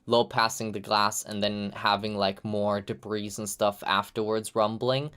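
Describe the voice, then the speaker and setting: A man's voice: on the low side, level tone, measured pace, pushed and bright, clean tone. A man hosting a live stream, giving loose, chatty feedback full of "like" fillers and the odd swear. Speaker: host reviewing game audio reels.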